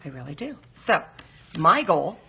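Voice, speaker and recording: Gravelly, sharp-toned woman hosting a talk show. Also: deep voice, big pitch swings, measured pace. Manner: emphatic, asks rhetorical questions. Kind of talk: live talk-show monologue.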